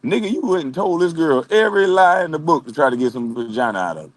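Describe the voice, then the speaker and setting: A man rants to his stream in a loose, profane monologue, his pitch swinging widely as he mocks people and laughs at them. The sound is dry and close. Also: animated, fast, no room sound. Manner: loud, laughing, mocking impressions of others. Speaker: live streamer.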